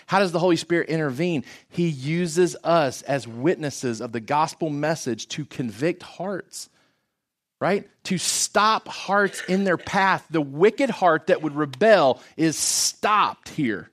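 Man, preacher, sermon, earnest, emphatic, rhetorical questions, fairly high voice. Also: a bit bright.

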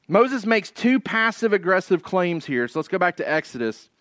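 Conversational, higher-voiced male pastor. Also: big pitch swings, moderate pace, fairly bright tone, dry recording. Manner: conversational preaching with frequent "right?" and "like"; emphatic, repeats key phrases for effect. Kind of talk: expository sermon.

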